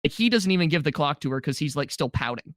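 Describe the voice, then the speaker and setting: On a casual movie review podcast, a male co-host with a slightly high voice talks fast and animatedly, recapping the plot with jokes and mocking impressions of quoted characters. The recording is dry and studio quality.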